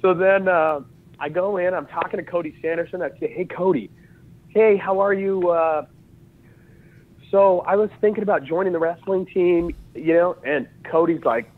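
A man's voice: high voice, moderate pace. A man in his thirties from Utah, a podcast guest telling stories in casual conversation, acting out dialogue and laughing often. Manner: lively storyteller who acts out dialogue and laughs often. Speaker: podcast guest, jiu-jitsu and wrestling coach. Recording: tinny phone-like line.

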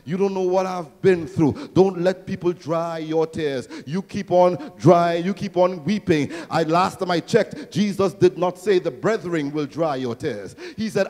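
A male pastor delivers a rousing sermon, rising toward near-shouts and throwing questions to his congregation. His voice sits high for a man. It rings out with the long reverb of a large church hall. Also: measured pace, few pauses. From Trinidad and Tobago. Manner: rousing preaching, swells to near-shouting, call-and-response questions.

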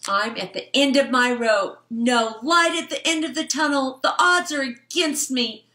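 A woman voicing a male fly trapped in a vacuum cleaner, talking in a slow, melodramatic, mournful way while reading a storybook aloud. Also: high voice, pushed and bright, pitched above the performer's own voice. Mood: despairing.

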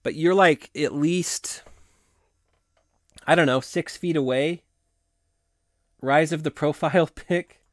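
A hoarse man hosting a casual live stream, chatting in a rambling way and laughing often. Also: a little high, slow, long pauses, no room sound, studio quality. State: hoarse from long talking.

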